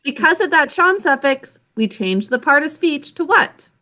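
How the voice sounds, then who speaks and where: A young woman teacher leading an online spelling lesson over a video call, clear and encouraging. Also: sits high, lively intonation, moderate pace, bright, forceful tone.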